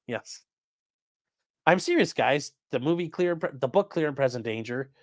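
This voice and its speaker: A man's slightly high, a bit bright voice comes through clean studio sound with no room sound. Hosting a crime news livestream, he talks casually and bluntly, dropping the odd swear word and reading viewer comments out loud.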